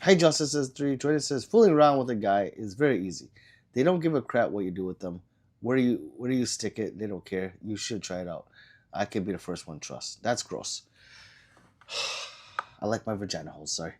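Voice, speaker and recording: A man under the weather hosts a relaxed livestream and reads chat messages out loud one after another. His voice swings widely up and down. He coughs now and then and rambles through his answers with plenty of ums and uhs. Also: lowish voice, brisk, husky. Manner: loose and rambling, with many fillers and trailing answers. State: sick, coughing. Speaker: livestream host. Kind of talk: casual livestream chat, reading viewer comments aloud.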